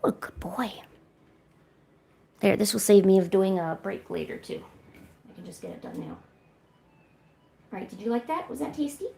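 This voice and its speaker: A woman hosting a livestream, chatting casually and coaxing her cats with high, sing-song pet talk at home. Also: lively intonation, fairly quick, gravelly, long pauses, mellow. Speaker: livestream host. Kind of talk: casual chat to her cats during a stream. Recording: echoey room with faint hiss.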